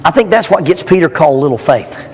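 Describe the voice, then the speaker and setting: A middle-aged man with a fairly high, slightly rough voice and vocal fry preaches at a youth rally with lively intonation and a quick pace. His sermon is earnest and emphatic, full of rhetorical questions, recorded in a church hall with long reverb and faint background noise.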